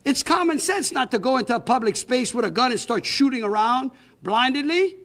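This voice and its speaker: A man's voice: very high-pitched, expressive, normal speed, a bit bright. A man with a Southern US accent, a state governor giving a blunt, exasperated press conference statement.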